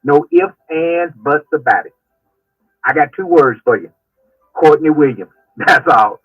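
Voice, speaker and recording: A man's voice: on the high side, lively intonation, a little slow, fairly bright tone, breathy edge, dry recording. A man calling into a sports radio show, brash and trash-talking with casual swearing. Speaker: caller. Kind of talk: call-in rant. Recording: dull lo-fi phone-in line.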